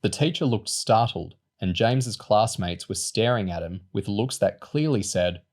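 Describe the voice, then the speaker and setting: Guy reading a book chapter out, low and even. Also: moderate pace, hardly any pauses. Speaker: audiobook reader. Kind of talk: storybook reading.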